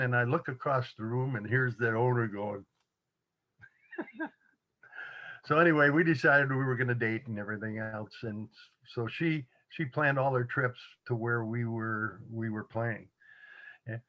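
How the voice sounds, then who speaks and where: A man in his seventies, a guest telling stories from his past in a casual, animated way, chuckling as he acts out the voices of others. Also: medium pitch, lo-fi sound. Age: 70s. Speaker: interview guest. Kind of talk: casual storytelling.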